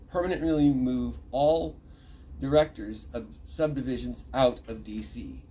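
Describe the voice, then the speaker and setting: A man's voice: medium pitch, darkish tone, slight background noise. A man reading a list aloud from an online thread, breaking off to comment, look terms up and correct himself. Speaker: channel host reading a thread.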